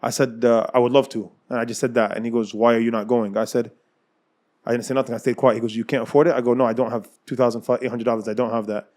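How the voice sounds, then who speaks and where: Fast-talking American man telling a story. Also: medium pitch. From United States. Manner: animated, acts out dialogue, laughs often. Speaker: guest telling his life story. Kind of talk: casual storytelling.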